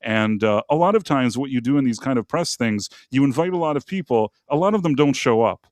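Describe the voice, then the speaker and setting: A man's voice: medium pitch, lively intonation, a little fast, a little mellow, no room sound, studio quality. A man hosting a live podcast, telling a long story in a rambling, casual way with many asides. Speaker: podcast host.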